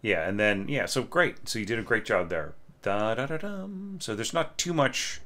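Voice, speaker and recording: Man, lowish voice, orchestration teacher, casual spoken critique, chatty, lots of fillers, hums melody lines. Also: big pitch swings, moderate pace, sharp tone. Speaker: orchestration teacher reviewing a student score.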